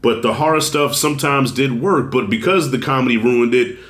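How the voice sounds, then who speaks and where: Male film reviewer, relaxed chatty delivery, a little under the weather, roomy echo on the voice. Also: mid-range voice, normal speed. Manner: loose and conversational, swears, addresses viewers as y'all. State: fighting a cold, clears throat. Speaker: movie reviewer. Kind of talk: casual spoken film review.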